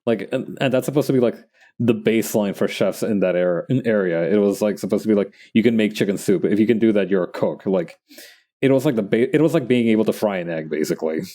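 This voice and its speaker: A man chatting loosely in a low, mellow voice. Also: quick pace. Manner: chatty, full of likes and restarts, laughs at himself. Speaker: streamer drawing live. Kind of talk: casual rambling chat while drawing.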